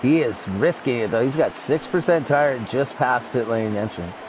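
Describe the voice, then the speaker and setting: A talkative man picks apart tire wear and pit timing as a co-commentator, in an ordinary mid-range voice. Game engine noise roars clearly beneath his talk. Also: medium pitch, animated, normal speed. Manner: chatty, analytical about tires and strategy. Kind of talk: casual live commentary.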